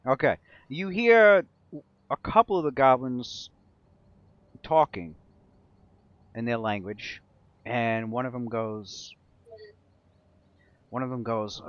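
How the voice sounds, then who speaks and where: A man's voice: mid-range voice, slow, pauses often, a bit bright, smooth, highs cut off. Rambling male game master. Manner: rambling, full of fillers and restarts. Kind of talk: narrating a tabletop game.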